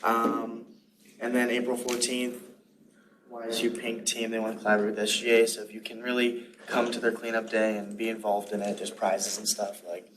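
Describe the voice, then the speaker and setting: A man's voice: fairly low pitch, completely flat delivery, moderate pace, noisy background. A young man casually making announcements at a student government meeting. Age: young adult. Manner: casual, rambling with fillers. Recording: distant mic with crowd behind.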